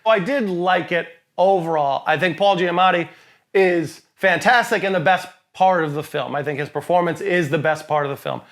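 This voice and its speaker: Male podcast co-host, high-pitched, opinionated and emphatic, casual movie talk. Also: moderate pace, fairly bright tone. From lives in Boston. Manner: emphatic, opinionated, laughs often. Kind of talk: casual movie review chat.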